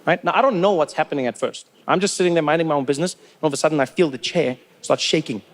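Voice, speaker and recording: A man with a South African accent telling stand-up comedy stories with animated, repetitive comic timing. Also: on the high side, very fast.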